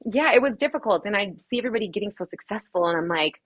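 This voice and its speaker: Fast-talking, laughing woman DJ. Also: medium pitch, animated. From Los Angeles. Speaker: DJ and streamer guest. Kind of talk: casual podcast interview.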